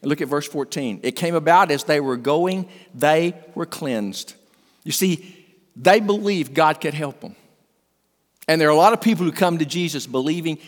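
An older man, a pastor, preaching an earnest sermon that swings between emphatic and hushed. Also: fairly high pitch, normal speed. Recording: long hall reverb.

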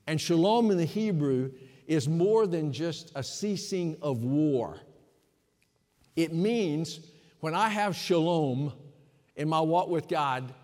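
A man delivering a sermon at a deliberate, unhurried pace, leaning on each phrase. His voice sits slightly high for a man. It rings out with a long reverb, as if in a church sanctuary. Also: darkish tone. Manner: slow, emphatic preaching with pauses. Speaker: pastor.

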